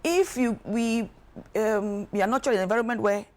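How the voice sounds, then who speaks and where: A woman, speaking as an expert guest on a talk show, emphatic and animated, acting out quoted voices. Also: medium pitch, normal speed. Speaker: guest expert on emotional wellbeing. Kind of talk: studio talk show discussion.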